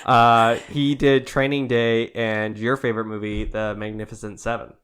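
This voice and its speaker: A man hosting a relaxed podcast, running through trailers and news items. He laughs often and fills his sentences with ums and likes. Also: medium pitch, moderate pace, smooth. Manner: easygoing, laughs often, reads out items with fillers. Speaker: podcast host. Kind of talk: casual chat and news rundown.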